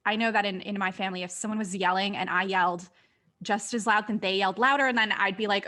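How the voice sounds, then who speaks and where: A woman's voice: mid-range voice, steady tone, fast talker, sharp tone. A woman co-hosting a casual conversation, thinking aloud in a reflective way and leaning on fillers like "like" and "you know". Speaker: co-host.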